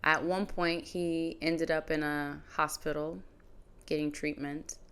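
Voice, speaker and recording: Woman, low deep voice, podcast host, reflective, conversational storytelling, softly trailing phrases. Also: little pitch movement, slow pace, clean tone.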